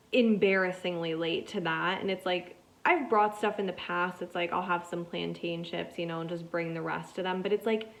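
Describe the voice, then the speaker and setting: A woman hosting a podcast, telling a story in a loose, rambling way and saying "like" constantly. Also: lowish voice. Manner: rambling, chatty, heavy use of "like". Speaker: podcast host. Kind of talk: casual solo storytelling.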